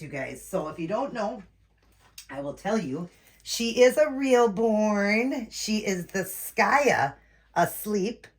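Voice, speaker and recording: A woman vlogging as she unboxes a doll, talking casually to her viewers and gushing with frequent exclamations. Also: fairly low pitch.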